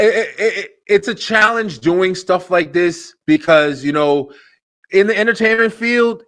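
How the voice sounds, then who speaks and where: A man with a New Jersey accent hosting a web show over a video call, talking fast and excitably with lots of slang and fillers. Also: fairly high pitch, dry recording. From Elizabeth, New Jersey. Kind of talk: casual interview chat.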